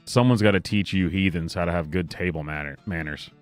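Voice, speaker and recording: A laid-back man with a very low voice, riffing jokingly on an old film with a relaxed, offhand delivery. Soft guitar music plays quietly behind him. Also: a little fast. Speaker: commentator. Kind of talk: casual riffing commentary.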